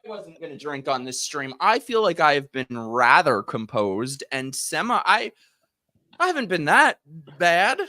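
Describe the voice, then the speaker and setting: A man chatting casually on a live stream, his voice lively and swooping as he laughs and mimics people. His tone is bright and a little sharp. The recording is dry and close. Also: a little high, a little slow, no echo. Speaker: streamer host.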